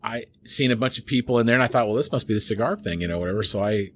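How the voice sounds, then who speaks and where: A man's voice: lowish voice, rapid-fire, a bit bright. A man talking as a podcast guest in casual chat, telling stories in a rambling, laid-back way with many fillers.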